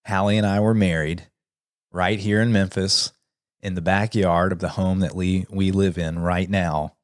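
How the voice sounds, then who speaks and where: Deep-voiced and recorded at studio quality with no echo, a man in his thirties hosts a comedy show. He wraps it up in an earnest, sincere way with a few joking asides while soft outro music plays.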